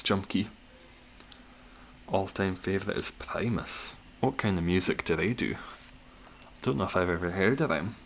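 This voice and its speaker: A young man with a slightly low voice hosts a live gaming stream in an easy, chatty way. He reads and answers viewers' messages as he plays and teases them with dry humor. A faint hiss sits behind him. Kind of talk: casual live-stream commentary while gaming.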